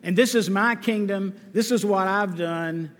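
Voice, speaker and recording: A man acting out an arrogant ancient king who brags about his kingdom and his power. He has a high voice that he lifts a little further, and it rings with a long reverb from the hall. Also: a little slow. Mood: boastful. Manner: gloating, repetitive self-praise.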